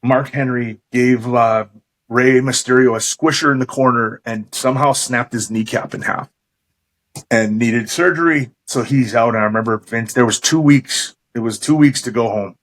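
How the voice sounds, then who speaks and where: A middle-aged man, a podcast guest, recalling his career in a relaxed, thoughtful way with small hesitations. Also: medium pitch, normal speed, rough recording. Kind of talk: casual interview chat.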